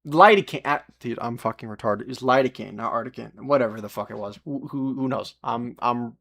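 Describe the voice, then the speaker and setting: A man's voice: mid-range voice, a little fast, vocal fry, a bit bright. Rambling, profane young man streaming. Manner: rambling, profane, laughing at himself; talks to chat while working, often turned away from the mic. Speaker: livestreamer. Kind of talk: casual live-stream chat while soldering.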